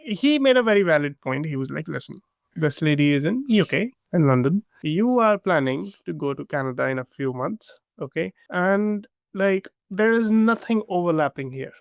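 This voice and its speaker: Young man from India, halting and measured. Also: on the high side, lively intonation, gravelly, dry recording, clean studio sound. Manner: measured, halting, with many fillers. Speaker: guest. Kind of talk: casual storytelling conversation.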